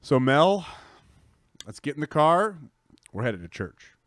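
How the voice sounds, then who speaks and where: A man's voice: a little high, sing-song, slow. A man co-hosting a live gaming podcast in casual chat, rambling and correcting himself as he goes. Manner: rambling, self-correcting, enthusiastic. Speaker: podcast co-host.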